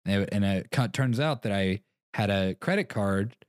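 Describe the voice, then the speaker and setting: A man's voice: lowish voice, normal speed, dry recording, clean studio sound. A young man co-hosting a podcast, rambling through stories, acting out both sides of conversations and laughing often. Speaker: podcast co-host. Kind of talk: casual chat.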